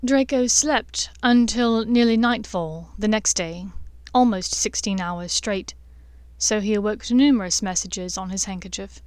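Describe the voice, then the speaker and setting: A woman narrating a fan-fiction audiobook in a measured, expressive reading. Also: mid-range voice, clean tone, no room sound.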